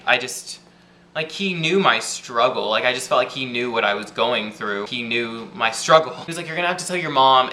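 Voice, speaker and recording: Bright-voiced young man telling a story. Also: medium pitch, reverberant, a little hiss or hum. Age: young adult. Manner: chatty, lots of fillers and 'like'. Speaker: vlogger. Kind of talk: casual storytelling to camera.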